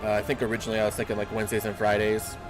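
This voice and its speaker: Low-voiced man, rambling stream chat. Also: completely flat delivery, rapid-fire. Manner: loose rambling talk full of fillers. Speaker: game streamer. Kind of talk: casual live-stream chat. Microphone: desk microphone. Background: game music.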